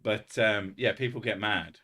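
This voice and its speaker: A man with a lowish voice talks to his live-stream audience in a loose, rambling way. He swears freely and pokes fun at himself as he drifts from one thought to the next. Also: fairly even intonation, unhurried, pushed and bright. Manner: rambling, sweary and self-mocking. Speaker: streamer hosting a live chat. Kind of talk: casual live-stream chat.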